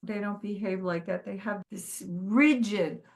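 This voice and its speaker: A woman's voice: mid-range voice, unhurried. A woman telling her own life story in an interview, earnest, quoting others as she goes. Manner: earnest, quotes others in lively voices. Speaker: guest. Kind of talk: emotional personal storytelling.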